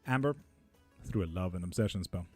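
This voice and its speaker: A man's voice: low-pitched, brisk, slightly rough, faint music behind. A man reading tarot on a live stream, casually reading out chat messages and answering them offhand.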